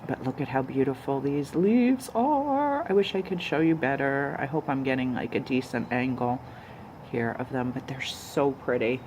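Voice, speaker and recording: Casting: low-pitched woman, enthusiastic unboxing vlogger, chatty, faint hiss behind her. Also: normal speed, a little mellow, low-quality recording. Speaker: vlogger reviewing jewelry. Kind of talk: casual unboxing chat.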